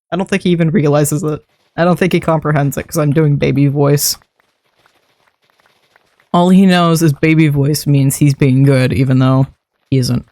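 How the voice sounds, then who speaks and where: A young adult streamer talks through a building session in a loose, rambling way, laughing often and swearing casually. The voice sits at a middling pitch. It is recorded close on a desk mic with a dry sound and no room echo. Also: steady tone, normal speed, pauses often, mellow. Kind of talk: casual livestream chat while building in a game.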